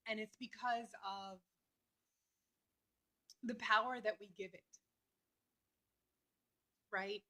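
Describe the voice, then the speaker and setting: A woman vlogger talking earnestly and openly about her feelings, with many fillers and pauses. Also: medium pitch, fairly even intonation, bright, forceful tone, low-quality recording. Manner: earnest, heartfelt, talks through emotion with many fillers. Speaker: astrology vlogger. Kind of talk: personal reflective talk to camera.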